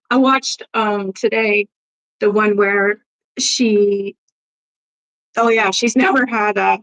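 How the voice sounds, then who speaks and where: A woman's voice: medium pitch, fairly even intonation, very slow, long pauses, fairly bright tone, low-quality recording. A woman chats on a live stream in a mid-range voice, blunt and foul-mouthed. She laughs often between remarks and turns aside to greet and answer her viewers. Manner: blunt, profane gossip with frequent laughs; reads and answers viewer comments. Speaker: livestream host. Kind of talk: casual live-stream chat.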